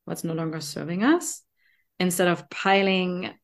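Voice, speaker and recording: A woman's voice: fairly low pitch, unhurried. A woman with a German accent, hosting a podcast in casual, enthusiastic chat with frequent fillers. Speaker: podcast host.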